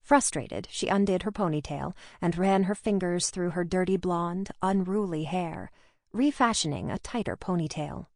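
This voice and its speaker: A woman narrating a crime novel audiobook in a steady, even storytelling manner. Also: fairly low pitch, normal speed, no echo, clean studio sound. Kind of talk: scripted narration.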